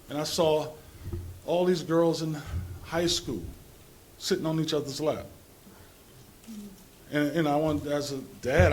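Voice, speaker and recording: A man's voice: a little high, a little mellow, a little hiss or hum. A man from New Jersey speaking on a conference panel in an informal, rambling way, with restarts and chuckles. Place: conference hall.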